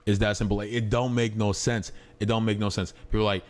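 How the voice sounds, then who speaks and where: A man with a lowish, level voice comments quickly on a live stream, reacting to a clip. He's casual, slangy and blunt, and apologizes again and again while talking.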